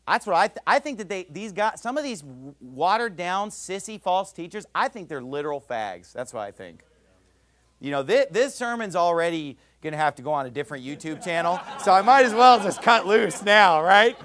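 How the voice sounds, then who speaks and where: A man's voice: a little high, big pitch swings, a little fast. Fired-up guy preaching, combative and ranting, lots of ups and downs in his voice. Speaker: pastor. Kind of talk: sermon.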